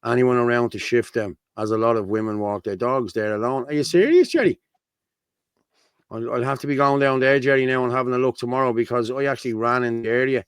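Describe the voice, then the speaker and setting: A man's voice: medium pitch, flat delivery, fast, few pauses, fairly bright tone, clear, resonant tone, no room sound. A man with a Dublin accent hosting a casual livestream, talking bluntly and reading out viewer comments. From Ireland. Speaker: host.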